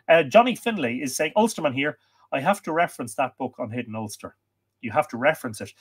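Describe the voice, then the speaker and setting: Irish male livestream host, medium pitch, casual and rambling, reads chat aloud. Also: animated, quick pace, breathy edge. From Ireland. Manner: chatty, reads viewer comments aloud, many fillers.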